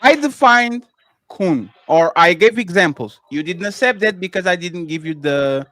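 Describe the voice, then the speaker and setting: A man with a non-native English accent argues as a guest on a streamed panel. His voice is high and he keeps repeating his points and pressing for proof. The recording is dry and close. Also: animated, moderate pace, a bit bright, dry recording. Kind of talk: heated panel argument.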